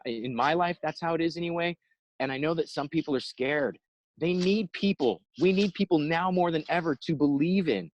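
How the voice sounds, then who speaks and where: A man giving an inspirational talk over a video call, telling a story with lively acted-out quotes. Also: on the high side, no room sound, poor audio. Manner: animated storyteller, acts out quotes. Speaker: inspirational speaker.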